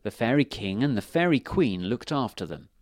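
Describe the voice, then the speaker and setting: A man's voice: medium pitch, sing-song, no echo, clean studio sound. Sing-song male storybook reader. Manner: slow, emphatic, sing-song reading. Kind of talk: children's storybook reading.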